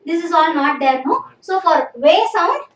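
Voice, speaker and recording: In a live online language lesson, a woman with a very high, animated voice talks unhurriedly while patiently drilling her students and constantly saying "okay." The sound comes from an echoey room with a distant mic and faint noise.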